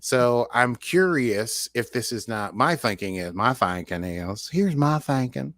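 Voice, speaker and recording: A man's voice: medium pitch, expressive, unhurried, fairly bright tone, no echo. A man co-hosting a podcast in casual chat, rambling and jokey. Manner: chatty, rambling, jokey asides. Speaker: podcast co-host.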